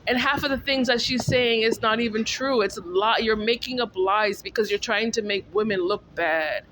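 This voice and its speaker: A woman's voice: on the high side, normal speed, fairly bright tone, slight background noise. Exasperated woman ranting into camera. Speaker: vlogger. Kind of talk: casual venting monologue.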